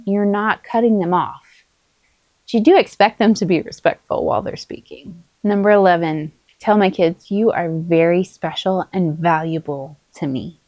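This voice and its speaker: A middle-aged woman, a mother, talking to camera in a calm, earnest and encouraging way as she shares parenting advice. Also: mid-range voice, no echo. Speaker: parenting vlogger, mother of many. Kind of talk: casual spoken advice to camera.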